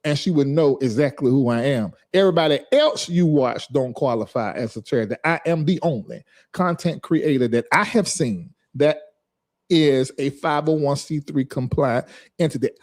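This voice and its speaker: Sassy, scolding man with a higher voice. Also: moderate pace, a little mellow. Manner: sassy, scolding, reading chat aloud. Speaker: livestream host. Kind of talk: casual livestream commentary.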